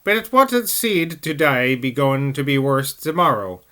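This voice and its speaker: Shrill old Cockney woman, a man doing the voice, slow dialect drawl, bright tone, storybook reading. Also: big pitch swings. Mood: grumbling. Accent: Cockney, put on.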